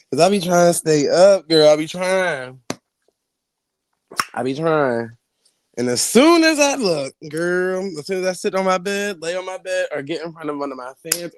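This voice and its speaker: A man chatting on a live online panel from home, brash and animated, laughing often and swearing freely. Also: on the high side, a little hiss or hum. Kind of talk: casual trash-talking chat.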